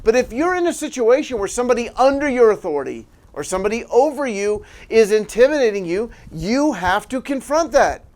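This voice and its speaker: A middle-aged man preaching in a sermon style, telling a personal story with animated delivery and frequent small laughs. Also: very high voice, brisk, few pauses. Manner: animated storyteller, laughs often, restarts phrases.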